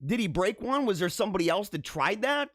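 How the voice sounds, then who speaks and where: Man hosting a live stream, high voice, dry close sound, incredulous and laughing, stammers. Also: sing-song, brisk, no room sound. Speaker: show host. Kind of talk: casual live-stream commentary.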